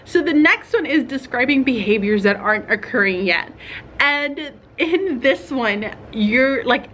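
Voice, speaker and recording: A young woman teacher, chatting casually to other teachers in a vlog and thinking out loud with fillers and small laughs. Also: high voice, lively intonation, a little slow, a little hiss or hum.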